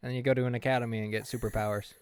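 Jokey co-host, man, smooth, clear voice, dry close mic, says "like" a lot. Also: medium pitch, little pitch movement, very fast, dry recording. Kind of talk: casual chat.

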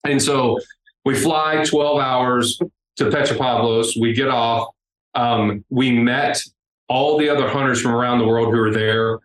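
Man telling a lively story. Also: medium pitch, measured pace. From United States. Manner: animated, acts out the people in his story. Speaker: interview guest. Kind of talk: casual storytelling. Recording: roomy with faint background noise.

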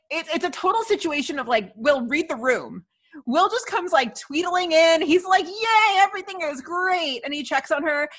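A woman chatting casually as a podcast co-host, recapping a TV episode and acting out the characters' lines. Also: high-pitched. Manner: animated, acts out characters' lines.

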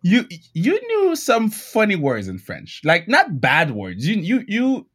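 A man hosting a casual podcast interview, excitable and profane, often stammering over repeated words. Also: sits high, takes it slowly. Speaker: podcast host.

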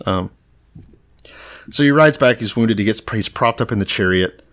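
Lower voiced texan guy cracking jokes while retelling a bible story, swears a lot, laughs often. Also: moderate pace. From Texas. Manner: profane, laughing, animated storyteller. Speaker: podcast co-host. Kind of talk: casual comedic retelling of Bible stories.

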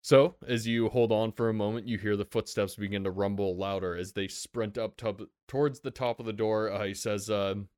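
Low-voiced male game master, relaxed and loose with swearing, dry close mic. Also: normal speed, few pauses, clean tone, no echo. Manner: laid-back, laughs often, casual swearing. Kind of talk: narrating a tabletop game.

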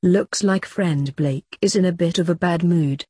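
A woman's voice: lowish voice, unhurried, warm tone, slightly rough, dry recording, clean studio sound. A woman voicing a selfish, carefree male chicken in a flippant, unbothered way.

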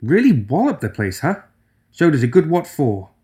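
Guy doing a squeaky nervous young woman, talks a mile a minute, high and fidgety. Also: huge pitch swings, normal speed, mellow. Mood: nervous, eager. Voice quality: mouse-like, high voice. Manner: eager, nervous rambling.

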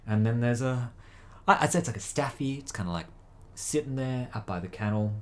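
A man's voice: mid-range voice, lively intonation, fairly quick. A man telling a long joke in casual chat, rambling and hesitant, sighing often.

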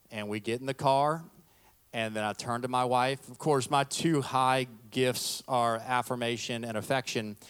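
A man's voice: medium pitch, clear, resonant tone. A middle-aged male pastor preaching a sermon, telling stories with humor and acting out the voices of the people in them. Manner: storytelling, animated, acts out quoted voices, self-deprecating humor.

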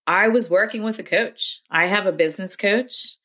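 Bright-voiced woman coaching with encouragement. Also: medium pitch, moderate pace. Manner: earnest and encouraging, motivational. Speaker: health coach guest. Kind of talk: casual podcast conversation.

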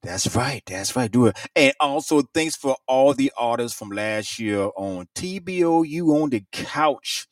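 A man's voice: mid-range voice, lively intonation, a little slow, hardly any pauses, no echo, far from the mic. A man co-hosting a casual music radio show, laid-back, repeating himself and laughing easily.

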